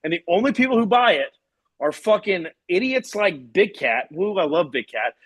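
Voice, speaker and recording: A man's voice: sits high, very animated, moderate pace, a bit bright, husky. A man from co-hosting a live sports show, talking in a profane, ranting way. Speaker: podcast co-host. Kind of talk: casual sports talk.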